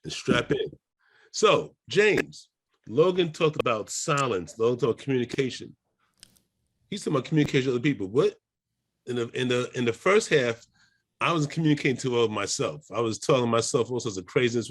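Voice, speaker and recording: A man with a husky, slightly breathy voice hosts a business meetup panel. He thanks one guest and passes the conversation on with an encouraging question. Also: mid-range voice, lively intonation, brisk. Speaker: meetup host and moderator. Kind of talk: moderating a panel discussion.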